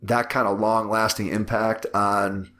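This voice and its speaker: A man hosting a podcast interview, talking in a measured, reflective way and summing up his guest's points. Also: lowish voice, little pitch movement, pushed and bright. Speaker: podcast host. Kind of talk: casual interview chat.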